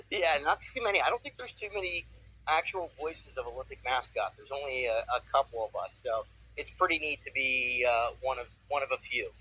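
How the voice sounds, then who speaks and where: A man's voice: mid-range voice, normal speed, slightly rough. Upbeat man in his forties, muffled line. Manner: upbeat, enthusiastic storytelling. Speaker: voice actor, interview guest. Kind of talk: casual interview. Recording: muffled with faint noise.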